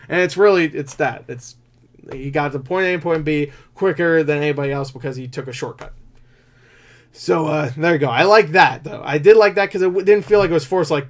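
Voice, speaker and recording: Male movie reviewer with a slightly high voice, rambly, excitable, swears casually. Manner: excitable, quick shifts in loudness and pitch. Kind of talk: casual spoiler review talk.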